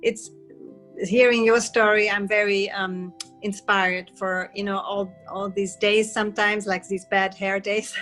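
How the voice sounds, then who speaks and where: Halting woman thanking a speaker. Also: mid-range voice, level tone, a bit bright, soft background music. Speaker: meeting participant. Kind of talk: casual remarks on a call.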